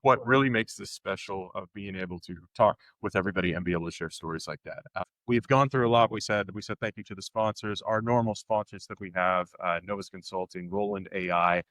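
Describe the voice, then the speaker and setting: A man's voice: sits low, fairly quick, hardly any pauses, fairly bright tone, no echo. A man hosting a podcast live at a conference, joking and upbeat as he leads the audience. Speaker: podcast host. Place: conference session room.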